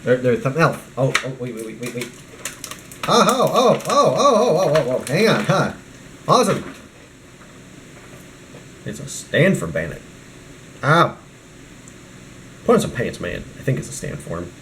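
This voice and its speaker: Rambling, ranting man with a lively voice. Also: medium pitch, moderate pace, long pauses, roomy sound, slight background noise. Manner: rambling and ranting, jumping between topics. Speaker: vlogger. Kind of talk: rambling toy review vlog.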